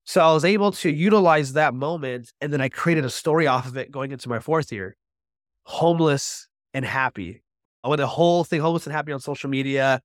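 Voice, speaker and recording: A man as a podcast guest, telling his personal recovery story with animated storytelling and acting out his own quoted speech. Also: a little high, a little fast, dry recording, clean studio sound.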